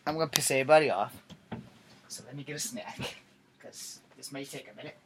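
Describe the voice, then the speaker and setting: A man's voice: mid-range voice, a little fast, creaky, noisy background. A tired middle-aged man ranting bluntly to camera late at night, rambling and swearing freely. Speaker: vlogger.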